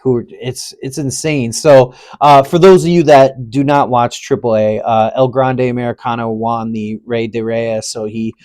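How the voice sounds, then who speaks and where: A man's voice: mid-range voice, fairly even intonation, measured pace, few pauses, darkish tone, no room sound. Laid-back, slangy man chatting casually. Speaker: wrestling podcast co-host. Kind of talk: casual chat.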